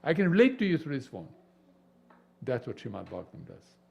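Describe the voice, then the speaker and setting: Lively man teaching scripture. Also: medium pitch, a little fast, creaky, dull audio. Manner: animated, peppered with rhetorical questions. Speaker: spiritual teacher. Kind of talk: devotional scripture class.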